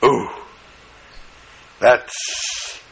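A man's voice: very slow, fairly bright tone, a little hiss or hum, poor audio. A man giving an earnest Torah lecture, mixing in Hebrew and Yiddish terms and telling a story.

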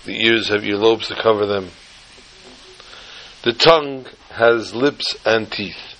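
Man teaching with a story, animated, lots of repetition for effect, bright sharp voice. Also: on the low side, slow pace, low-quality recording. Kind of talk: storytelling sermon.

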